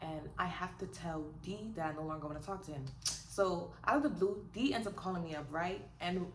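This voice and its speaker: A young woman vlogger telling a dating story in a casual, sassy, animated way, full of rhetorical questions. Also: on the low side, brisk. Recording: roomy echo with faint noise.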